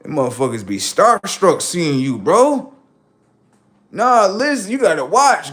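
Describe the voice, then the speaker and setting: A man's voice: sits high, very animated, slow pace, fairly bright tone. A young man live-streaming, doing brash, profane, mocking banter with his chat. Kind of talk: casual live-stream commentary.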